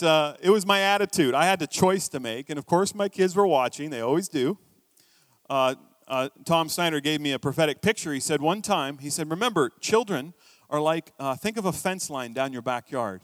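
A middle-aged man preaching a sermon as a pastor, telling stories in a conversational way, with quiet asides and sudden emphatic bursts. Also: on the high side, no room sound, studio quality.

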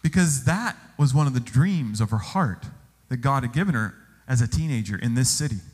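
A male pastor preaching a sermon, telling stories with animated exclamations. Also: mid-range voice, a little fast, husky. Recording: long hall reverb.

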